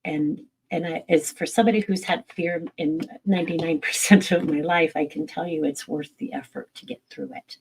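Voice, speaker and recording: A woman's voice: sits low, fairly even intonation, normal speed, hardly any pauses, darkish tone, a little hiss or hum, rough recording. A middle-aged woman, a medium, answering viewer questions in a candid, casual live-stream chat, swearing freely and laughing at herself.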